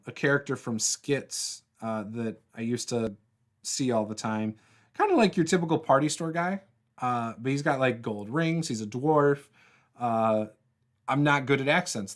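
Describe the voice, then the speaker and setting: A man hosting a relaxed livestream chat about tabletop games, with a voice of ordinary middle pitch. He rambles and laughs often, with fillers and false starts, and drifts from point to point as he reacts to viewers. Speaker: host of a tabletop RPG livestream. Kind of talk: casual livestream chat, reading viewer comments.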